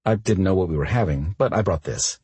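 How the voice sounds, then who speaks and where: Man playing a friendly young firefighter, low voice, very husky, relaxed and easy, romance audiobook. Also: brisk, dry recording, full character voice. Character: easygoing young male firefighter.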